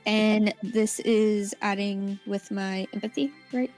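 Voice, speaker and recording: A woman's voice: medium pitch, fairly even intonation, takes it slowly, darkish tone, faint music behind. A woman playing a tabletop role-playing game, asking the game master eager questions. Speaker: player. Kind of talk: casual tabletop play.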